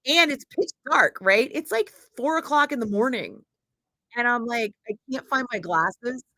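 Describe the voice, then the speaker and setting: Animated woman telling a wild story. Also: a little high, unhurried, dry recording, low-quality recording. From Northern California. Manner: animated, swearing freely, acting out quoted voices. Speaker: radio host telling a story on a livestream. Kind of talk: casual storytelling.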